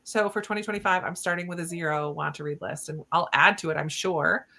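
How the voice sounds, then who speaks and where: Middle-aged woman hosting from home, rambling and chatty, with a bright tone and a lowish voice. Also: brisk, vocal fry. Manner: rambling and chatty, many fillers and restarts. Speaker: host of a live reading stream. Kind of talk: casual live-stream chat.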